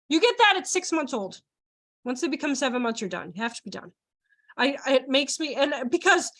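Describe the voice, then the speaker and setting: A high-pitched woman presenting a child care training over a video call. She talks animatedly, laughs often, and slips into acted-out voices mid-story. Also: lively intonation, fairly quick, fairly bright tone. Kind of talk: live online training presentation.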